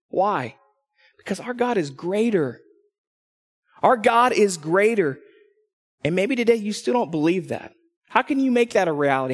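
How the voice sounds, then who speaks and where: A man with a high voice preaches from a church stage, telling stories and acting out the people in them. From Texas, he slips into voices for quotes. The sound carries with a long hall reverb. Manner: animated storytelling, acting out quotes. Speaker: pastor. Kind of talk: sermon.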